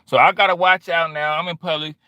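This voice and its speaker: A middle-aged man streaming a casual monologue, slangy and animated, acting out quoted exchanges. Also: on the high side, fast talker, lo-fi sound, a little hiss or hum.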